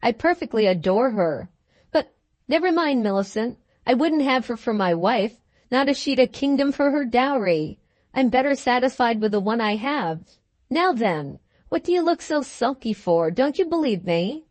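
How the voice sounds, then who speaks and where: A woman's voice: a little high, animated, normal speed, a little mellow, dry recording, natural voice. A woman voicing a bluff, hearty young husband in a storybook, jovial and teasing. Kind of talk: storybook dialogue.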